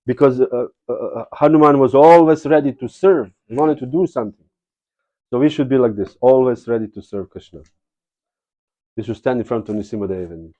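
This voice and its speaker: A man's voice: medium pitch, moderate pace, warm tone, dull audio. A man giving a spiritual lecture, telling stories in a casual, digressive way and often adding "you know". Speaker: spiritual teacher. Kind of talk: devotional lecture with storytelling.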